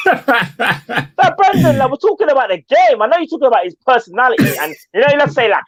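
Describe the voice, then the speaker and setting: A man's voice: extremely high pitch, fast, husky, dry recording. A man co-hosting a fan show, chatting casually with slang and frequent laughter. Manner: animated, laughs a lot, slangy. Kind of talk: casual football banter. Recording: dull dry sound.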